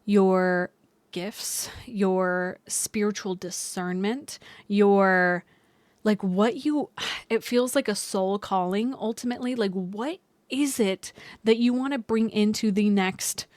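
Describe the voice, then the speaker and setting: Young woman, casual astrology vlog, rambling chatty delivery, dry close sound, mid pitch. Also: slow pace, darkish tone, dry recording. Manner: chatty, loose, many fillers and restarts.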